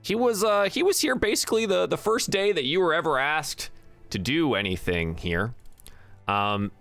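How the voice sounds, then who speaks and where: A man narrating as game master in a relaxed, chatty way with frequent fillers. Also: fairly high pitch, moderate pace, creaky, dry recording, soft background music.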